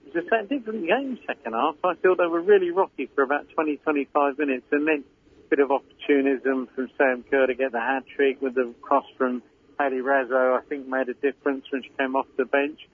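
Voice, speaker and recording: A man's voice: medium pitch, steady tone, brisk, slightly rough. Cockney man pundit on a tinny phone line. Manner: chatty, rambling analysis with fillers. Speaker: football pundit. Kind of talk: casual radio chat.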